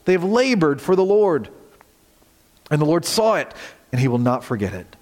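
A man preaching a sermon as pastor, earnest, swinging from loud emphasis to hushed near-whispers. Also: fairly high pitch, big pitch swings, normal speed, in a large hall.

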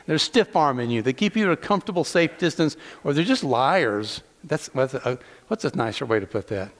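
A man's voice: medium pitch, expressive, a little fast, long reverb tail. A man from the southeastern United States preaching a sermon to his congregation, mixing teasing asides with rhetorical questions. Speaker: pastor. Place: large church hall.

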